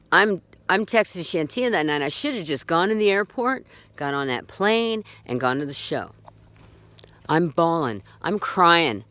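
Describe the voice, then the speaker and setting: Agitated, foul-mouthed woman, lively pitch. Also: no room sound. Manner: raw, blunt and profane, with frequent restarts; agitated and indignant. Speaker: storyteller recounting own experience. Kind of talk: unscripted personal account.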